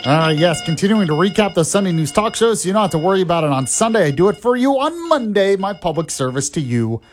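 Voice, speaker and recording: A man's voice: high-pitched, sing-song, quick pace, music in the background. A man hosting a talk radio show, chatty and laughing often. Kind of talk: casual talk radio chat.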